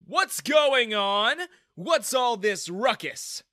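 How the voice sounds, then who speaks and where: A man's voice: very high voice, sing-song, very slow, bright, forceful tone, no echo, studio quality, pitched above the performer's own voice, heavily acted. A man voicing a rude, condescending male bank manager who mocks people. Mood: annoyed. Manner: mocking, condescending.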